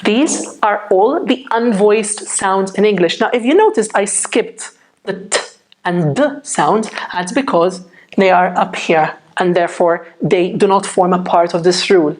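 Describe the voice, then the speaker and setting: A woman teaching English pronunciation in a slow, unhurried way. She explains each step patiently and keeps pausing to check that her viewers follow. Her voice has a middle pitch and a clear, careful classroom delivery. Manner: patient, checks in often with "okay?".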